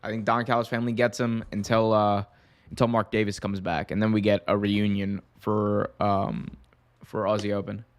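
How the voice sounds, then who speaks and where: Rambling, excitable male podcast host. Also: fairly low pitch, moderate pace. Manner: rambling and excitable, heavy use of "like". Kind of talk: casual wrestling recap and fan questions.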